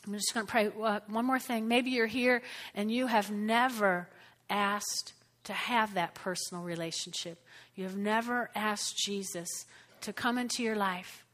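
A woman pastor preaching a sermon and leading prayer, animated and exuberant with sudden exclamations. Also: medium pitch, a little slow.

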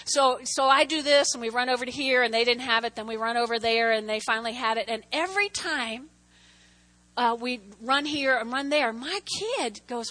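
A middle-aged woman telling personal stories in a church talk, animated, with restarts and asides. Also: a little high, normal speed. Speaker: church speaker.

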